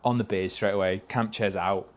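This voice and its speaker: A man's voice: deep voice, steady tone, moderate pace. A man, a podcast guest telling casual anecdotes, swearing freely and laughing through his stories. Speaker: podcast guest, stock car racing driver.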